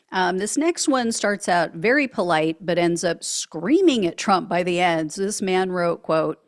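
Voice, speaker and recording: Slow-talking sarcastic woman host. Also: medium pitch. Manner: sarcastic, laughs often. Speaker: political commentary host. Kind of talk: reading and mocking social media posts.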